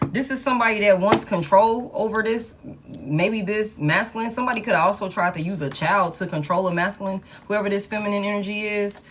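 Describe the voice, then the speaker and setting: A woman running a live tarot reading talks loosely and chattily to her viewers. Her voice is pitched right in the middle of the usual range. Faint noise sits behind her. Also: fairly quick, fairly bright tone. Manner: casual, chatty, talks to viewers and reads cards aloud. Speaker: tarot reader.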